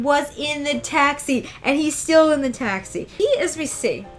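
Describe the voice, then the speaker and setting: Brief: emphatic woman reviewing a manga chapter, slangy and excitable, a bit high-pitched. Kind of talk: casual chapter breakdown.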